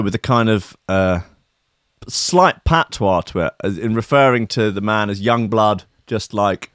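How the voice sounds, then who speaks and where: A man's voice: lowish voice, fairly bright tone, no room sound, clean studio sound. A man casually reading out odd news stories, rambling, swearing and laughing between lines.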